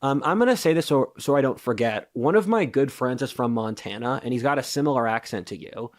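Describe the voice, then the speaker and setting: A man's voice: mid-range voice, expressive, a little fast. A man who is a podcast guest, explaining his views in an assertive, lecturing way during casual interview talk.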